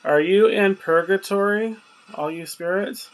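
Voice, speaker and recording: A man's voice: high voice, rough recording. A man running a spirit box session, patiently asking the spirits questions again and again. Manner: questioning, patient, asks slowly and repeatedly. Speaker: paranormal investigator.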